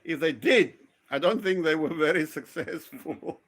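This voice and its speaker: A man from South Africa chatting casually, telling lively stories, acting out quoted voices and swearing freely. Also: a little high, measured pace. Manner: animated storyteller, acts out quoted voices, swears. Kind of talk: casual storytelling chat.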